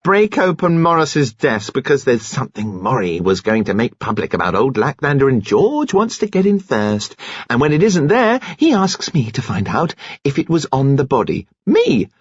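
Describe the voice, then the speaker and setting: A man's voice: mid-range voice, very animated, moderate pace, breathy edge, no room sound, muffled recording, pitched above the performer's own voice. A man reading an audiobook and voicing a bitter, brash young woman who spits out spiteful outbursts.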